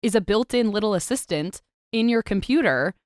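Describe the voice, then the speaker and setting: A woman's voice: medium pitch, moderate pace, smooth, no room sound, studio quality. A young woman co-hosting a podcast, telling stories in casual chat and acting out what others said. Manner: lively storytelling, does voices of others. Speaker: podcast co-host.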